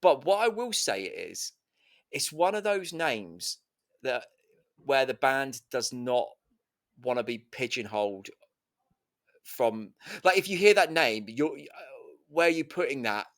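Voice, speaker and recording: A man's voice: medium pitch, expressive, a little slow, fairly bright tone. A man co-hosting an album review, chatty and teasing, rambling with lots of "like" and "kind of". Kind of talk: casual chat about music.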